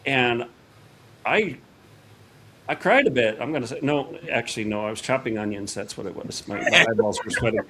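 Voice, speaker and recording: A man's voice: mid-range voice, normal speed, pauses often, a little hiss or hum. Man telling a story with quoted dialogue. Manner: animated retelling with quoted dialogue. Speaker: podcast guest. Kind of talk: casual storytelling.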